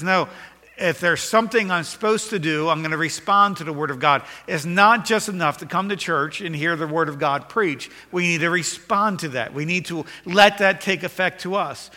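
A man's voice: on the high side, sharp tone, long reverb tail. A man preaching a sermon as pastor, earnest and repeating phrases for emphasis, in a church sanctuary.

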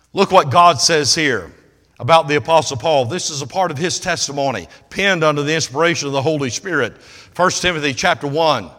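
Bright-voiced preacher in echoing hall. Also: male voice, fairly high pitch. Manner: swings between hushed and loud, emphatic. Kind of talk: sermon. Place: church service. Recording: long reverb of a large hall.

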